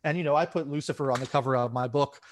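Author guy on a podcast, talks fast and fluent, medium voice. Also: mid-range voice, slight background noise. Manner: articulate, quick and fluent. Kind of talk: conversational interview.

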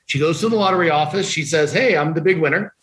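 A middle-aged man with a slightly raised pitch tells a story as a podcast guest. He speaks informally and conversationally. He brings each character to life with quoted lines. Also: quick pace, faint music behind, poor audio. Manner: conversational, animated anecdote-telling with quoted dialogue. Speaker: guest attorney. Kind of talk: casual storytelling interview.

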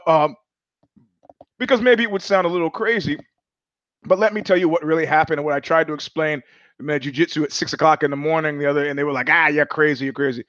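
A man's voice: on the high side, fairly bright tone, dry recording, muffled recording. A man hosting his own live show, telling a long story in a rambling way, full of restarts and quoted asides. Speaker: show host. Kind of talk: casual livestream monologue.

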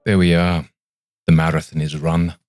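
A man, a podcast host, giving a measured, dramatic audiobook reading of a classic novella. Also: low-pitched, level tone, darkish tone, soft background music. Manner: measured, dramatic reading that slows for tense passages.

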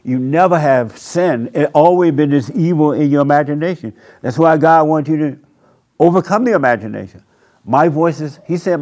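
A man pastor preaching a sermon at a church service, with slow, emphatic, drawn-out phrasing. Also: fairly high pitch, a little mellow.

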